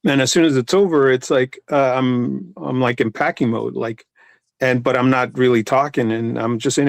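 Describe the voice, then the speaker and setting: A man's voice: medium pitch, fairly even intonation, moderate pace, creaky, no echo. Rambling man in casual chat. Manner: rambling, many restarts and fillers. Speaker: comic artist.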